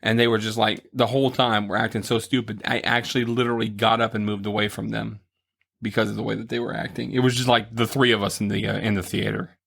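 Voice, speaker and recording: A man in his forties hosting a casual podcast, goofy and quick to laugh. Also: flat delivery, vocal fry, fairly bright tone. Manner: goofy, laughs a lot, breaks into silly high voices. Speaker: podcast host. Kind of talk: casual chat.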